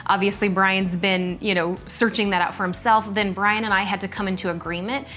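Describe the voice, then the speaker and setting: Woman, co-host, casual chat, animated, mid-pitched, faint music underneath. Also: fairly quick. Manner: animated, acts out quoted speech in a shifting voice. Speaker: podcast co-host.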